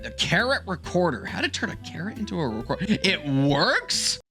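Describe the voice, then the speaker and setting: A man hosting a vlog, reacting to web searches with excitable, jokey, exaggerated reactions. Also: on the high side, moderate pace, hardly any pauses, faint music behind. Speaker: host.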